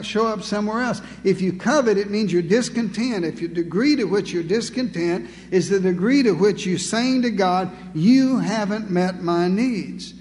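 A man's voice: high-pitched, a little mellow, big-room sound. A male pastor preaching an emphatic, rhetorical sermon with dry humor.

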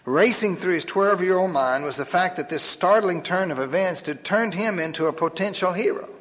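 A man reading a humorous story aloud in a wry, lively storytelling manner. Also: sits high, normal speed. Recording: long hall reverb.

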